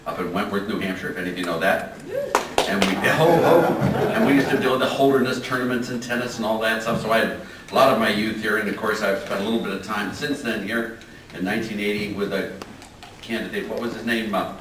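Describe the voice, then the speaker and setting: An older man gives a folksy, anecdotal speech as a guest speaker in a lecture hall, chuckling as he tells stories. His voice is on the low side, brisk, and fairly bright. The recording captures the roomy hall from far off, with faint noise.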